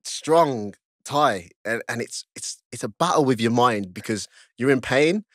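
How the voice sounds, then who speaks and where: A man guest on a podcast, telling a story in casual chat, laughing often and jumping high in pitch as he acts out his own panic. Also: expressive, measured pace, fairly bright tone, no room sound, clean studio sound. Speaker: podcast guest, stripper and fighter.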